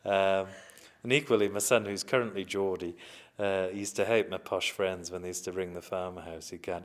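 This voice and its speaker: A man's voice: deep voice, fairly even intonation, moderate pace. A middle-aged man, telling chatty, self-mocking stories in an oral history interview.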